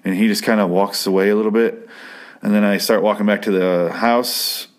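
A man's voice: on the low side, fairly even intonation, moderate pace. A man casually telling a long personal anecdote, rambling off on tangents and swearing freely. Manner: rambling, profane, digressive. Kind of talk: casual storytelling.

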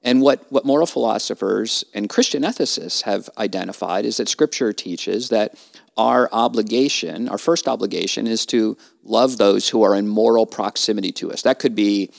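A man's voice: on the low side, normal speed, gravelly. A man, a trial lawyer and guest on a casual podcast conversation, talking in an earnest, emphatic, almost preacherly way.

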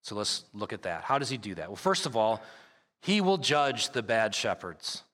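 A male pastor delivers an emphatic sermon in a clear, ringing voice. He reads scripture at length and hammers key phrases by saying them twice. The sound lingers with a long reverb in a large church sanctuary. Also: on the low side, sing-song, normal speed, bright, forceful tone. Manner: emphatic preaching with repeated phrases.

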